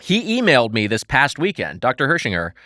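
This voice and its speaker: A man co-hosting a podcast in casual chat, upbeat and animated while telling stories. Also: medium pitch, a little fast, no echo, studio quality. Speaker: podcast co-host. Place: podcast studio.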